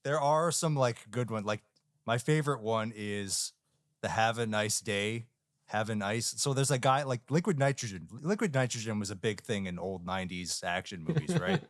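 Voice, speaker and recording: A man co-hosting a movie podcast, animated and emphatic as he ribs the film. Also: medium pitch, moderate pace, dry recording, studio quality. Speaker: podcast co-host. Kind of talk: casual movie-review chat.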